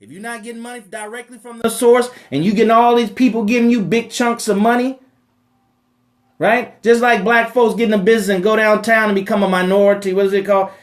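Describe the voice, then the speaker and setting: A man with a fairly high voice hosts a live money Q&A. He talks in an emphatic, preachy way, repeating his points and checking in with a rhetorical "right?". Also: steady tone, brisk. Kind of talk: preachy live-stream talk.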